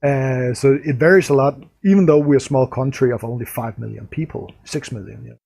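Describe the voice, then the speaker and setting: A Danish man with a slightly husky voice hosts a casual chat in English. He speaks at a middle pitch, pausing and reaching for words as he goes. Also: a little mellow. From Denmark. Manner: hesitant, searching for words. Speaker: podcast host.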